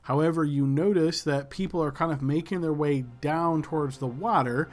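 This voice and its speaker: A man narrating a tabletop game as game master, descriptive and unhurried with many fillers. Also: on the high side, faint music behind.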